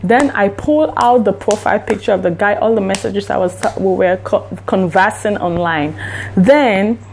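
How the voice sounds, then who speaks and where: A woman's voice: medium pitch, moderate pace, creaky, darkish tone, slight background noise. A woman vlogger animatedly retelling a story in storytime style, swearing freely. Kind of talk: storytime vlog.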